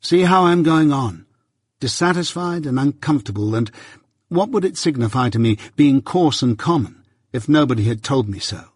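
A man's voice: medium pitch, animated, normal speed, breathy edge, dry recording, studio quality, pitched above the performer's own voice. A man voicing a restless, discontented young apprentice who speaks earnestly and impatiently in an audiobook. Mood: self-pitying. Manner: earnest, impatient and self-pitying. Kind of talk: audiobook character voice.

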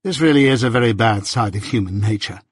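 A man reading an audiobook, voicing a proud, touchy young gentleman who speaks with self-righteous indignation. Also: lowish voice, quick pace, breathy edge, no echo, clean studio sound. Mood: indignant.

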